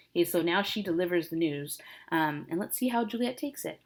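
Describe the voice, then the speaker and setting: A woman's voice: fairly low pitch, lively intonation, a little fast, hardly any pauses. A woman English teacher explaining a scene to her class in a chatty, casual way, using fillers and a wry tone.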